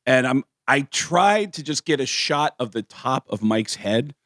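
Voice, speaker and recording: A male comedian, a guest in a radio studio, telling an animated story in a mid-range voice. He slips into other people's voices as he goes. The sound is dry and close on the mic. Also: mid-range voice, a little slow, no room sound. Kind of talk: casual storytelling on a radio show. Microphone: studio microphone.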